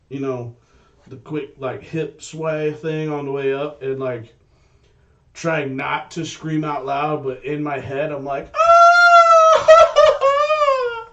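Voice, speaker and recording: A man co-hosting a casual podcast, telling stories in an animated way and swearing freely. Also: fairly high pitch, distant mic. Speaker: podcast co-host. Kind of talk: casual chat.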